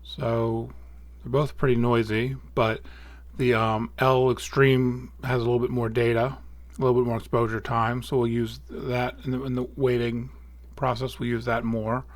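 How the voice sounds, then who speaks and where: A man hosting an astrophotography tutorial, talking casually through software steps and correcting small slips as he goes. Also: mid-range voice, normal speed, no room sound. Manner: relaxed, thinking aloud with small slips and self-corrections. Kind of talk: casual screen-recorded software walkthrough.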